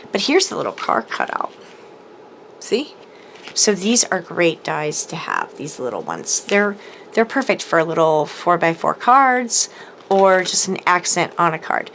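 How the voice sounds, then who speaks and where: A woman's voice: on the low side, a bit bright, slight background noise. A woman hosting a casual craft haul video, chatting enthusiastically with lots of ums and little laughs as she shows products to the camera. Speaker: crafting channel host. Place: home craft room, showing products to camera.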